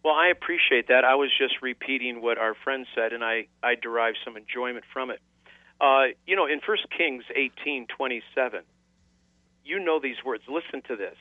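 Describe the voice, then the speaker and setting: A man's voice: medium pitch, moderate pace, dry recording. Radio host guy, wry, quotes bible a lot, tinny phone-ish sound. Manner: wry, quotes scripture at length. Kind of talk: debate on a call-in radio show.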